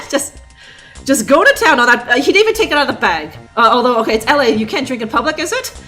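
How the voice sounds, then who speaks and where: A woman's voice: high voice, very animated, quick pace, sharp tone, faint music behind. A woman streamer giving live commentary on a game, sarcastic and rambling, laughing often.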